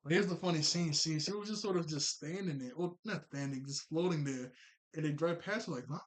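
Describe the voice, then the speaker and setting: A man chattily recaps a cartoon episode, rambling along with lots of filler words and quick self-corrections. His voice sits on the high side.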